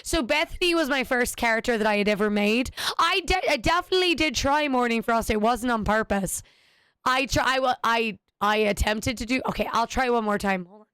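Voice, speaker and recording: A woman's voice: a little high, fairly quick, fairly bright tone, clean tone, dry recording, clean studio sound. A woman streaming a game, chatting casually with self-deprecating jokes. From United States. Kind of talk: casual live-stream chat.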